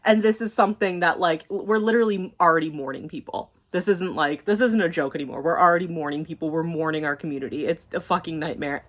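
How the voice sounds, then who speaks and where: A young woman talking casually to her camera at home, emotional and quick, swearing and filling with "like". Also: on the low side. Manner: emotional, fast, swearing, many fillers. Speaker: YouTuber. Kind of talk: casual vlog chat.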